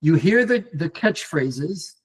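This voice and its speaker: A man teaching an online Torah class, talking in a lively, digressive way with many restarts and fillers and mixing in Hebrew terms. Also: fairly high pitch, takes it slowly, slightly rough. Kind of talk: animated live online lecture answering viewer comments.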